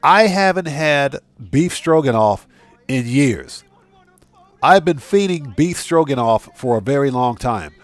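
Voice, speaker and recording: A man's voice: medium pitch, expressive, unhurried, dry recording. A man hosting a casual gaming live stream, chatting with viewers, thanking them by name and reading out their messages. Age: adult with a wife and child.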